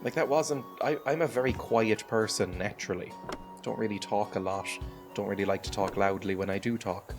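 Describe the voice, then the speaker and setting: A man's voice: on the low side, normal speed, over music. An Irish man streaming a game, chatting casually and self-deprecatingly, laughing often and swearing now and then. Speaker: gaming streamer. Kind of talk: casual chat over gameplay.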